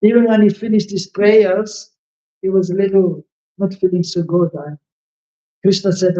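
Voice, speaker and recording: A man's voice: sits high, normal speed. A man giving a devotional scripture lecture, telling stories and acting out the lines of the figures in them. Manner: animated storyteller acting out quoted lines. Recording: echoey room, dull lo-fi sound.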